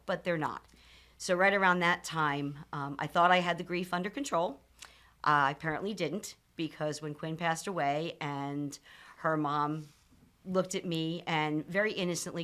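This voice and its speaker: A woman in her fifties with a low voice tells a personal story on a podcast. She speaks candidly and earnestly, pausing on ums and restarting her sentences as she goes. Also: a bit bright. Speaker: podcast guest, nonprofit founder.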